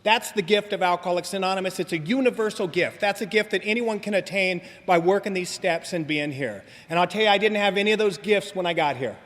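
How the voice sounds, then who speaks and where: Man, 40s, from southern california, high voice, joking storyteller, long hall reverb. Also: quick pace, few pauses, a bit bright. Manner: joking, rambling storyteller, fond of asking "you know what I mean?". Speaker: speaker at a recovery meeting. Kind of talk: humorous recovery talk to an audience.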